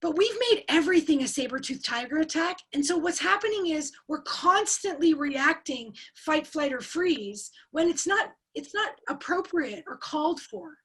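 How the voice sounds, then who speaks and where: High-voiced woman coaching on a video call. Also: moderate pace, hardly any pauses. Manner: energetic, asks the audience questions and repeats key words. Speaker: speaker at an online coaching forum. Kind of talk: interactive webinar teaching.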